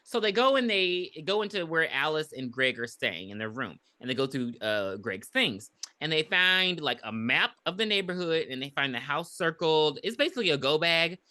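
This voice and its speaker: A woman co-hosting a casual movie review podcast. She walks through the plot in a chatty way and acts out the characters' lines with a lot of life. Her voice is bright and forward. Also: low-pitched, moderate pace, hardly any pauses. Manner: animated retelling with acted-out quotes. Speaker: podcast co-host.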